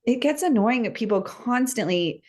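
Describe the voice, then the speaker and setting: A woman with an American accent, a guest chatting casually about her work as a wildlife educator, talking in fast, filler-heavy stories. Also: fairly high pitch, lively intonation, darkish tone. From United States. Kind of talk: casual chat.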